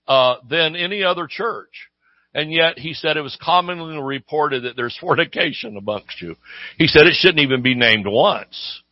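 A man preaching a sermon in a relaxed, conversational way, often checking in with his listeners with a questioning "Amen?". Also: fairly high pitch, no room sound, lo-fi sound. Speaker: pastor.

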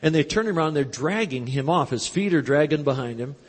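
A man preaching at a live convention, telling a story with quoted dialogue in a folksy, animated way, on a handheld mic. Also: fairly high pitch, quick pace, breathy edge. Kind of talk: storytelling sermon. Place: large church convention hall. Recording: live hall recording with long reverb.

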